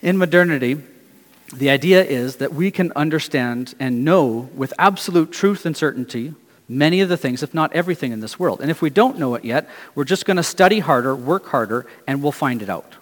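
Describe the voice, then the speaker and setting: A man's voice: on the high side, expressive, a little fast. Man preaching in a reverberant hall. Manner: earnest, questioning preaching with quiet dropped phrases. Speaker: pastor. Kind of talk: sermon.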